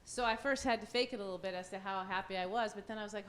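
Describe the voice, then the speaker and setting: A woman in her fifties, a former goalkeeper, telling a lively story on a live panel, laughing often and acting out quotes. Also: mid-range voice, racing, hardly any pauses. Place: event venue.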